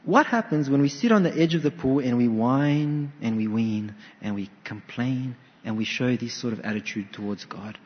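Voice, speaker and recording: A man's voice: medium pitch, normal speed, few pauses. A man preaching a sermon, telling stories and acting out quotes with animation. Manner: animated storytelling with acted quotes. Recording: dull sound with long hall reverb.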